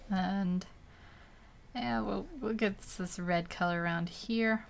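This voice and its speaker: A woman's voice: medium pitch, fairly even intonation, slow pace, gravelly, a little hiss or hum. A young woman casually narrating as she paints a digital portrait, chatty and rambling, laughing often between thoughts. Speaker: digital art streamer.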